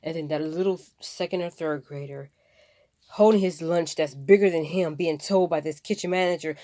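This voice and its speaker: A woman's voice: fairly low pitch, fairly quick, warm tone, no room sound. A woman vlogging about something that upsets her, rambling and impassioned, fighting back tears. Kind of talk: emotional personal vlog.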